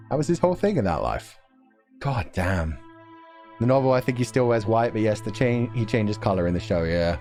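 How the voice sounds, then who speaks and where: A man's voice: on the low side, sing-song, normal speed, darkish tone. Giggly, profane male streamer. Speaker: streamer reading a novel aloud. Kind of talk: casual stream commentary and read-aloud. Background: faint music.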